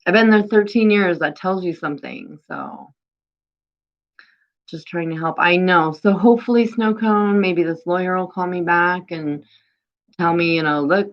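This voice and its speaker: Low-pitched middle-aged woman hosting a phone live stream, rambling vent with swearing, dull lo-fi sound. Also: vocal fry. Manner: animated, rambling, swears, lots of "you know what I mean". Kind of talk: venting casual live stream.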